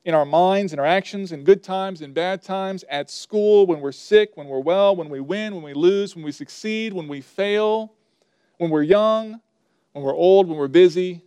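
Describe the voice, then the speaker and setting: Male pastor, sermon delivery, smooth and fairly high, numbered points, scripture read with emphasis, brisk rhythmic lists. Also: darkish tone, no echo. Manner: preaches in numbered points, reading scripture aloud with rising emphasis; lists items in quick rhythmic runs.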